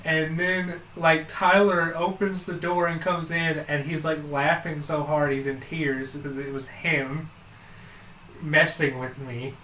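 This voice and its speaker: A man's voice: a little high, flat delivery, measured pace, bright, forceful tone, roomy sound, slight background noise, low-quality recording. A man co-hosting a podcast, telling a long childhood story in casual chat, full of fillers and restarts. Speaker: podcast co-host.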